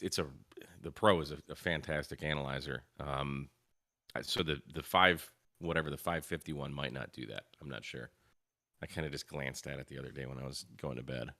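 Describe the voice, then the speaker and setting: A man's voice: extremely low pitch, pushed and bright, no room sound, clean studio sound. A man co-hosting a casual livestream, giving blunt, offhand opinions. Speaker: co-host.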